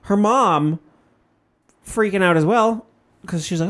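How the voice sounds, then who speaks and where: A man co-hosting a comedy podcast, telling an exaggerated, crude story and often clearing his throat. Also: high voice, takes it slowly, long pauses, a bit bright. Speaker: podcast co-host.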